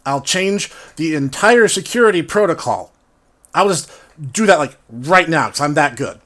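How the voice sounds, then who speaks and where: A man's voice: on the high side, lively intonation, normal speed, fairly bright tone. A man voicing a cocky young male hacker from a tabletop game, boastful and brash.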